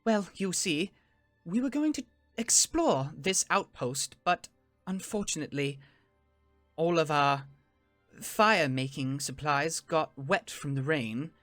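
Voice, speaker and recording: A man's voice: fairly high pitch, animated, slow, a bit bright, no echo, faint music behind. A man voicing a sheepish young male elf student in a tabletop game, fussy and rambling.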